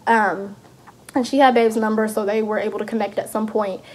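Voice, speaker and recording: A young woman, chatting through a storytime vlog in a lively, animated way. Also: mid-range voice, a little fast. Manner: chatty, animated retelling with laughs. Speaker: vlogger.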